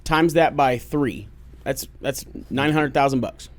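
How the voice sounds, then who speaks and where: A man's voice: medium pitch, a little slow, slight background noise. A man with an Oklahoma accent co-hosting a casual podcast, blunt and joking, swearing freely at a studio microphone. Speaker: podcast co-host.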